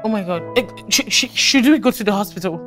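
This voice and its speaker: A woman's voice: medium pitch, expressive, fast talker, over music, natural voice. A woman playing a teasing, caring best friend. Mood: panicked. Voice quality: playful, turning panicked.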